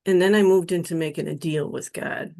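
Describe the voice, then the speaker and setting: A middle-aged woman from Western New York slowly telling a personal spiritual testimony, emotional and earnest. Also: fairly low pitch, fairly even intonation, gravelly, darkish tone. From Western New York State. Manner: slow, emotional, pleading when quoting her prayers. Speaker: guest telling her near-death experience story.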